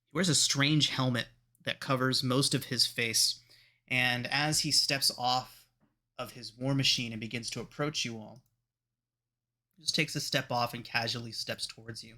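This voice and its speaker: A man narrating as game master of a tabletop role-playing game, describing scenes in a measured way. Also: medium pitch, fairly even intonation, pushed and bright.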